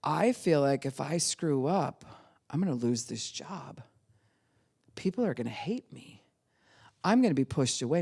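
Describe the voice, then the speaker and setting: A middle-aged woman, a pastor teaching in a sermon, telling stories and acting out little voices. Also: low voice. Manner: animated storytelling, acts out voices of babies and dogs.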